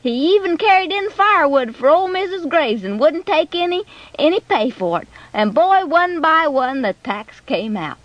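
A woman narrating a scripted children's story in an expressive, animated way. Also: high voice, moderate pace, no echo, highs cut off.

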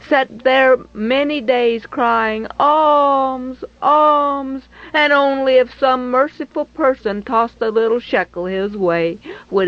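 A woman with a fairly high voice tells a Bible story slowly and expressively, swinging between soft, sad lows and excited highs. She repeats phrases for emphasis, and the recording sounds slightly dull and lo-fi.

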